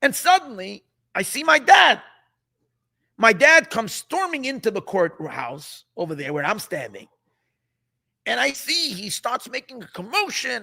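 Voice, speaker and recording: A man, a rabbi, telling a story in a sermon, animated and repetitive, dropping in Yiddish words. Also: very high-pitched, a little slow, vocal fry.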